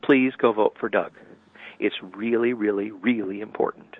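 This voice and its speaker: A man's voice: on the low side, fairly even intonation, normal speed, breathy edge, no echo. A man from Michigan calling in to a radio show, talking in a blunt, opinionated way. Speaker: caller. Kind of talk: casual call-in chat. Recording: tinny phone line.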